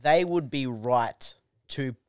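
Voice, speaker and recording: Aussie guy in his 20s, comedian chatting on a podcast, swears lots, gets worked up, smooth voice. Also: medium pitch, slow, no room sound, studio quality. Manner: excitable, swears a lot. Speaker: guest comedian. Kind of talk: casual chat.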